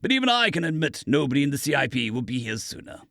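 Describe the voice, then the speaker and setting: A man's voice: mid-range voice, big pitch swings, fast talker, a bit bright, no echo, studio quality, pitched above the performer's own voice. A man voicing a blunt, menacing furry alien soldier in an audiobook, growling his questions. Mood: gruff. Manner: growling, gruff interrogation.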